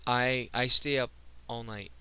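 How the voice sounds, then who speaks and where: A man's voice: medium pitch, fairly even intonation, bright, forceful tone, clean tone, low-quality recording. A young man in his teens speaking in a personal vlog monologue. He sounds emotional and earnest, stops and restarts often, and stumbles over his words. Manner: earnest, halting, frequent restarts. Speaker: video creator.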